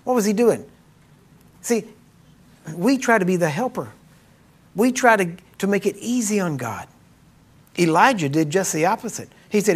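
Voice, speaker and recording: A man's voice: a little high, animated, brisk, breathy edge. A man preaching a sermon, retelling a Bible story in plain talk and acting out the quotes with a mocking edge. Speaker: preacher and ministry teacher.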